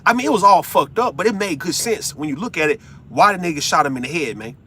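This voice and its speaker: A man's voice: a little high, expressive, quick pace, pushed and bright, a little hiss or hum. A middle-aged man in an emotional, profane monologue who stumbles and repeats words as he opens up. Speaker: vlogger. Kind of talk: emotional monologue while driving.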